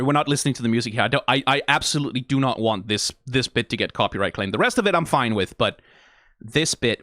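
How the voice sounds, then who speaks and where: A man streaming a casual reaction, analyzing scenes closely, swearing freely and getting emotional and excitable. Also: medium pitch, brisk, dry recording, studio quality. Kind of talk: casual video commentary.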